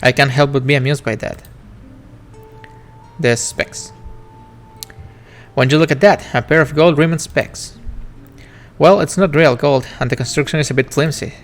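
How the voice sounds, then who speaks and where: A man's voice: fairly high pitch, a little slow, long pauses. A man streaming a narrative game, reading its first-person text in a reflective, wistful way. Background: faint game music.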